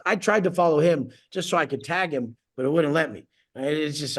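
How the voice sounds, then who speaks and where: A man's voice: fairly high pitch, brisk, hardly any pauses. A man coaching clients on a video call, ranting bluntly and profanely, boasting as he goes.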